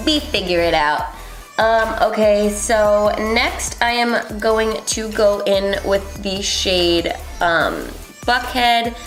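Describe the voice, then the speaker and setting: A woman's voice: medium pitch, takes it slowly. A young woman making a casual makeup tutorial, chatty and rambling with lots of ums. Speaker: beauty vlogger. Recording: echoey room, faint music.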